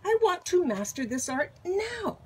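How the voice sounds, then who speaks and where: A woman's voice: extremely high pitch, very animated, unhurried, pitched above the performer's own voice, full character voice. A woman voicing an impatient, eager young male apprentice in a storybook, speaking urgently and earnestly.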